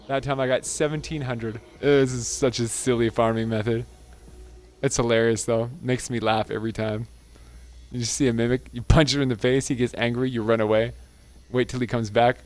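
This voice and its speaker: A man's voice: mid-range voice, level tone, normal speed, darkish tone. A man hosting a gaming channel, giving casual gameplay commentary in an amused, chatty way and laughing often.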